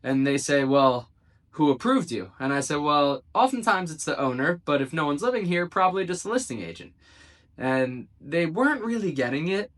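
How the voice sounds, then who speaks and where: A real estate agent from South Jersey in the United States casually tells a story to the camera in a slightly high, sing-song, somewhat bright voice at normal speed. He acts out the quoted dialogue and tosses in dry, sarcastic asides.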